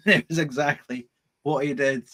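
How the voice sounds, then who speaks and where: A man co-hosting a podcast, easygoing and quick to agree in casual chat. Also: a little high, fairly even intonation, pushed and bright. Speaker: podcast co-host.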